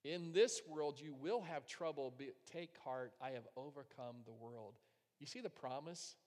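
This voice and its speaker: A man's voice: mid-range voice, measured pace. Preaching man in a reverberant hall. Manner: storytelling, swinging from loud to hushed. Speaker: pastor. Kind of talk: sermon.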